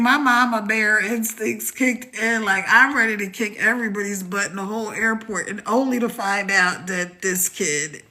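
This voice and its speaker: A woman's voice: medium pitch, moderate pace, few pauses, pushed and bright. A woman hosting a live stream, chatting casually, telling a story with laughs and greeting viewers by name.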